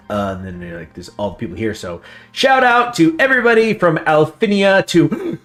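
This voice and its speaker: A man's voice: fairly high pitch, sing-song, normal speed, a bit bright. A man hosting a strategy game let's play, reading game text aloud in a chatty way and stumbling over foreign names. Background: faint guitar music.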